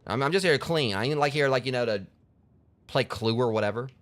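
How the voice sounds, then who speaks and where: A man's voice: mid-range voice, fast talker, fairly bright tone. A man hosting a gaming channel, rambling and joking through casual let's play commentary. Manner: rambling, joking, lots of fillers.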